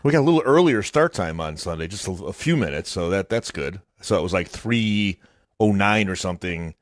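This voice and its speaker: A man's voice: deep voice, animated, a little fast, no room sound. A man hosting a morning radio show, chatting casually with a teasing, dry sense of humor. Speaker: radio host.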